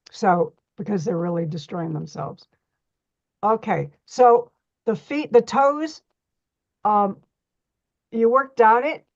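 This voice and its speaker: A woman's voice: mid-range voice, darkish tone, dry recording. Middle-aged woman, reflexology instructor, folksy chatty teaching, dry muffled sound. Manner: chatty, folksy, demonstrating on a model foot. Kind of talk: hands-on workshop teaching.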